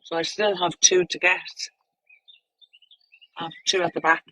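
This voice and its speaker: A woman's voice: fairly low pitch, little pitch movement, measured pace, sharp tone, no room sound, rough recording. Blunt Irish woman, crude livestream chat. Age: adult, with children.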